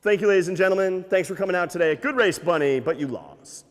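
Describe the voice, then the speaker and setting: A man's voice: high-pitched, lively intonation, fast. Guy voicing a chill sneaky turtle, storybook, bouncy voice in an echoey room. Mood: sly. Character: clever calm male turtle, sly. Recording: echoey hall.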